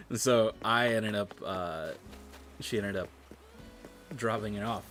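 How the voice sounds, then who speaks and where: A man's voice: lowish voice, takes it slowly, pauses often. A man chatting casually while streaming a game, telling rambling stories and swearing freely. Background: game music.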